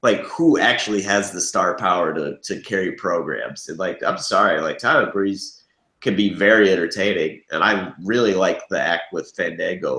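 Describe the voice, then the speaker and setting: Low-voiced young man, chatty and roomy. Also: sharp tone. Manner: rambling, filler-heavy, says "like" constantly. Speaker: podcast co-host. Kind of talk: casual chat.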